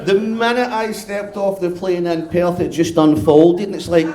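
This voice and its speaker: A Scottish man in his fifties doing a live stand-up routine, brash, sweary and loud as he banters with the crowd. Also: high-pitched, steady tone, moderate pace. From Scotland. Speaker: stand-up comedian. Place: live comedy venue. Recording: echoey live venue sound.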